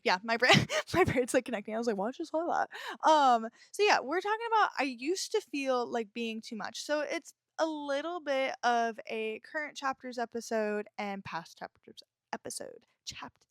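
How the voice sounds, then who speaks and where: A woman's voice: high voice, dry recording, clean studio sound. A young woman hosting her own podcast, chatting in a bubbly, rambling way with frequent laughs and casual swearing. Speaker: podcast host. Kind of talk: casual solo podcast chat.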